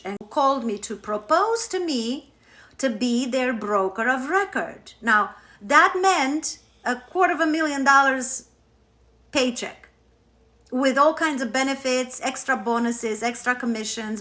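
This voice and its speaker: A woman hosting a live stream from home as a spiritual coach, telling a story in a candid, animated way and swearing freely. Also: on the high side, measured pace. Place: at home on her couch. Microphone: phone.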